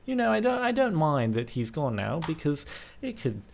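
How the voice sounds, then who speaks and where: A man mimicking a gloating, greedy businessman in a high, mocking voice. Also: sing-song, normal speed, vocal fry, a little mellow, a little hiss or hum.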